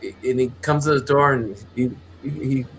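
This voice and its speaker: A man's voice: mid-range voice, normal speed, a bit bright, a little hiss or hum. A man casually telling a long, rambling story, with many restarts and acted quotes. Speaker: channel host.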